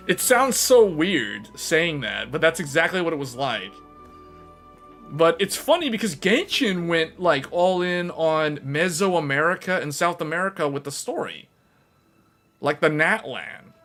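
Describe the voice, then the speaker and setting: A man streaming to his viewers, chatting casually in a rambling, animated way and laughing often. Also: fairly high pitch, a little slow, faint music behind.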